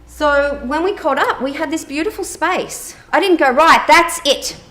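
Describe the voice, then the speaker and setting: Animated woman telling a therapy story. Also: sits high, moderate pace. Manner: animated, acts out quoted dialogue, many fillers. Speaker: therapist and keynote speaker. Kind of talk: conference keynote talk, personal storytelling.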